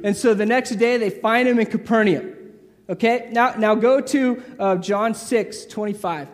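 A man delivers a sermon in a high voice. He talks casually and acts out the voices of the people in the story. His words carry a long echo from a large hall. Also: moderate pace. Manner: lively, acts out crowd voices, casual asides. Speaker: preacher.

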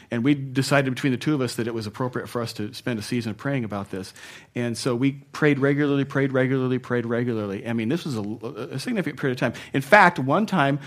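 Conversational male preacher, soft and loud by turns. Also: medium pitch. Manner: conversational, chuckles at his own asides; shifts between loud emphasis and soft, hushed passages. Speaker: pastor. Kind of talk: sermon.

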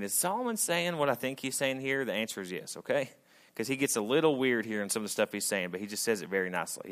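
A married man preaching a sermon to a congregation, speaking casually and swinging from loud emphatic lines to quiet asides. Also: medium pitch. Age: adult, married. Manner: conversational preacher, rising to emphatic peaks and dropping to quiet asides. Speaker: pastor. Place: church sanctuary before a congregation.

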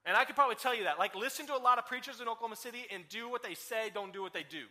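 A man preaches a sermon with energy and a chatty, questioning delivery. His voice sits high and sounds piercingly bright. The recording carries the long reverb of a church hall. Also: very fast. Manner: energetic, conversational with rhetorical questions. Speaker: guest preacher.

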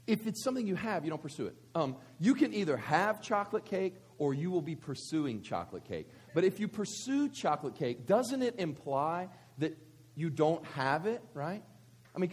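Lively husky-voiced man preaching. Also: fairly high pitch. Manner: animated, conversational, frequent rhetorical questions. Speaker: pastor. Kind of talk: sermon. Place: church service.

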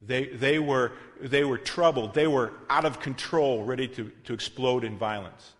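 A man preaching a sermon in a conversational way, with asides and self-corrections, swinging between loud emphasis and quiet passages. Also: mid-range voice, moderate pace. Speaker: pastor. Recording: long reverb of a large hall.

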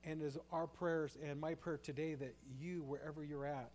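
Male pastor, slightly higher voice, preaching with fervent swings from hushed to loud. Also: steady tone, normal speed, a little hiss or hum. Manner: shifts from quiet reflective to loud impassioned pleading. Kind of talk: sermon.

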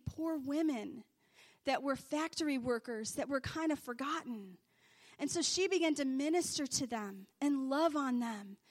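A woman from Scotland tells a church story in a high, bright voice. She rambles casually, restarting her sentences and filling gaps with "um" and "like". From Scottish. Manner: rambling, many restarts and fillers. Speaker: speaker sharing a faith story.

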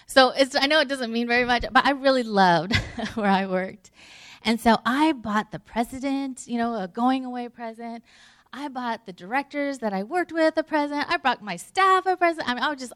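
A woman's voice: fairly high pitch, no room sound, clean studio sound. A woman pastor giving a sermon in a conversational way, full of fillers and restarts, sometimes dropping to a near whisper. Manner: drops to a near whisper at tender moments. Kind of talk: sermon with personal story.

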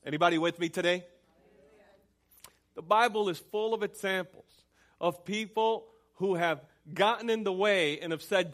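A pastor preaches to his congregation in a church sanctuary, his voice sitting a little high for a man. He works through repeated pleading lines, building in intensity as he goes. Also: moderate pace, fairly bright tone. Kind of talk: sermon.

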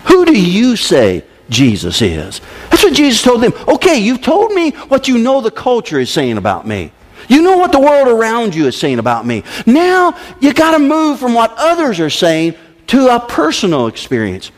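A male pastor delivering a sermon at a church service. His voice sits unusually high and leaps around with animated pitch. He swings between emphatic loud stretches and hushed, dropped lines. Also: normal speed.

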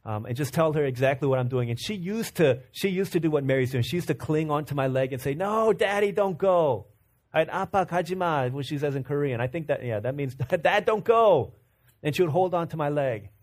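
A man in his thirties preaching a sermon, earnest and repeating himself, dropping to a soft low voice for stories. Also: fast talker, few pauses. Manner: earnest, repeats words and restarts, drops to a soft low voice when telling stories. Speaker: pastor.

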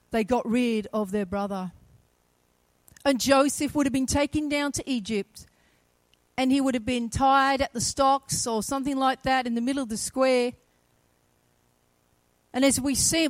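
A woman's voice: high voice, dry recording, rough recording. A woman preaching a sermon, telling the story dramatically and acting out the voices in it.

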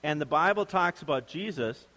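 A man's voice: a little high, animated, moderate pace, pushed and bright, long reverb tail, low-quality recording. A man preaching a sermon in a conversational, joking way. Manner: conversational, joking, puts on voices to make points.

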